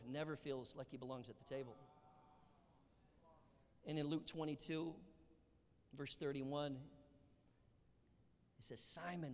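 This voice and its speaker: A man preaching a sermon, animated, acting out Bible dialogue and dropping to whispers. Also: on the high side. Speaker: pastor. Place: church sanctuary. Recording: long hall reverb.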